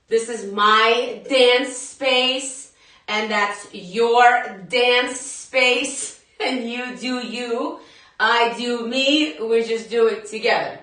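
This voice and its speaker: A woman's voice: a little high, bright, forceful tone, distant mic. A young adult woman leading a live workout class, chatting to viewers in a casual, laughing way. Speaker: fitness instructor. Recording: very echoey room, voice from afar.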